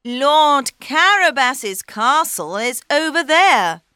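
A woman voicing a clever male talking cat in a storybook, high-pitched and excitable. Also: takes it slowly, no room sound, studio quality, exaggerated voice. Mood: eager. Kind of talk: storybook reading.

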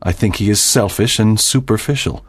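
A man's voice: fairly low pitch, normal speed, breathy edge. A man voicing a stern, proud doctor and father in a dramatized audiobook, speaking formally and with emphasis.

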